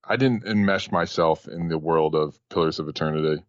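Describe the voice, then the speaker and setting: A man's voice: a bass voice, brisk, no echo. A man co-hosting a casual podcast chat, laid-back and quizzing the others. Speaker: podcast co-host. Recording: dull lo-fi recording.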